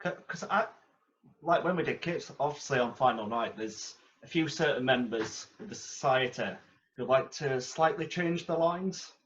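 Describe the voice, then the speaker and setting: A man, a podcast guest, telling relaxed theatre anecdotes with chuckles. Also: medium pitch, normal speed, dull audio, slight background noise. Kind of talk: casual chat.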